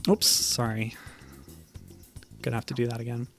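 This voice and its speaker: A man streaming and commenting on old web games, talking in a hesitant, halting way with many fillers and sometimes reading the game text aloud. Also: mid-range voice, little pitch movement, pushed and bright, soft background music. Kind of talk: casual gameplay commentary.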